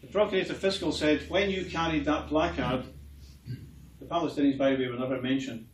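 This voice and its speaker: A man's voice: a little high, fairly quick. Impassioned man speaking in an echoey hall. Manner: impassioned, rising to outraged exclamations. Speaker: public speaker. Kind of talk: speech at a political meeting. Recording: echoey hall, mic from far off, faint noise.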